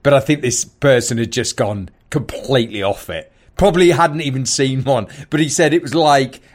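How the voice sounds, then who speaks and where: A man chatting on a podcast, telling stories with shouted quotes and laughter. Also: medium pitch, moderate pace. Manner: animated storyteller, shouts quoted lines and laughs mid-story. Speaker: podcast co-host. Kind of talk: casual chat.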